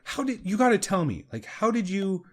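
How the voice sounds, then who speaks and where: A man's voice: high-pitched, sing-song, moderate pace, voice pushed up. A man putting on a bragging cartoon monkey. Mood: curious. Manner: bragging, eager. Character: boastful male monkey full of swagger.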